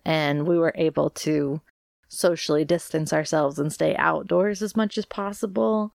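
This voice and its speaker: A woman's voice: deep voice, steady tone, unhurried, creaky, darkish tone, no echo, clean studio sound. A woman hosting a podcast in a casual, chatty, rambling way, sounding congested from allergies. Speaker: podcast host. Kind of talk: casual solo podcast chat.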